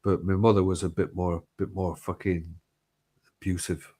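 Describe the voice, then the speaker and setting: A man's voice: low voice, flat delivery, moderate pace, dark tone. Rambling, swearing middle-aged Englishman. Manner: swears freely, rambling storytelling with restarts. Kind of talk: casual chat.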